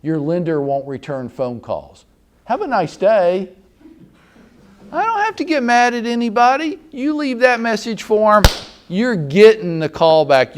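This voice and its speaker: A man with a Southern American accent giving a blunt, sarcastic, animated training talk to real estate agents. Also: high voice. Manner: blunt, sarcastic, mock-scolding.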